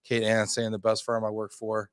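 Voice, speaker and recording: A man's voice: lowish voice, monotone, normal speed, clear, resonant tone. A man hosting a casual livestream interview, upbeat, reading out viewer comments and laughing easily. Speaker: show host.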